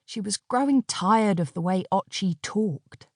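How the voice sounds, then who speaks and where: Female audiobook narrator, unhurried, expressive, dry close studio read. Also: medium pitch, no echo. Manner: measured, expressive storytelling.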